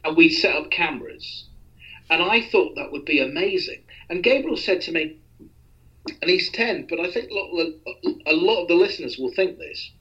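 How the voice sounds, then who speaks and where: A man's voice: a little high, lively intonation, normal speed, pushed and bright, dull audio. A man hosting a podcast, talking in a rambling, self-deprecating casual way with many restarts. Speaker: podcast host.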